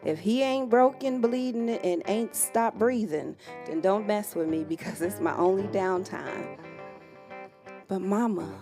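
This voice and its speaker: A woman reciting spoken word on a community stage, her voice sitting in an ordinary middle register. She speaks in measured, emphatic rhythms and leaves long pauses between phrases. A guitar plays clearly behind her. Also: medium pitch. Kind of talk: live spoken word poetry. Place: community music venue, live performance. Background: guitar playing.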